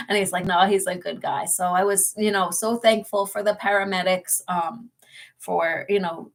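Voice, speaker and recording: A woman's voice: on the low side, gravelly. A woman co-hosting a ghost-hunting channel, chatting in a casual vlog update, laughing often and filling her story with fillers.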